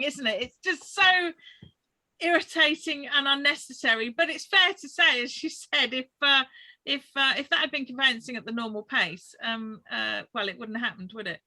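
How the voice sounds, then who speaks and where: Bright high-voiced woman co-host. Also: no room sound, poor audio. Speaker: podcast co-host. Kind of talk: casual chat on a video call. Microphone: video call.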